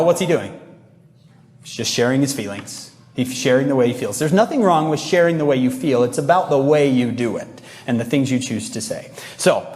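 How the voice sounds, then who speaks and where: A man giving a humorous, lively devotional talk to young people, joking with the audience. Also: fairly high pitch, long reverb tail. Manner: humorous, playful, mimics whiny voices. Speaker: youth speaker. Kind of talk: energetic devotional talk to youth.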